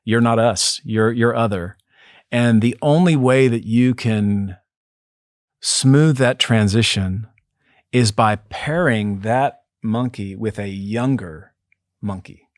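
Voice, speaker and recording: A man, a psychotherapist, speaking as an interview guest in an earnest, measured way, often restarting his sentences. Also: fairly low pitch, dry recording, studio quality. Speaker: depth psychotherapist, podcast guest. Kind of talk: reflective interview talk.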